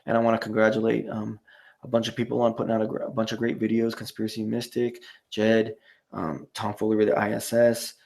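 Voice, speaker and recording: Male live-stream host, low gravelly voice, casual and profane, rambling with lots of filler. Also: completely flat delivery, fairly quick, a little mellow. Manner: rambling, profane, many "you know" fillers. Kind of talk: casual live stream sign-off, reading chat.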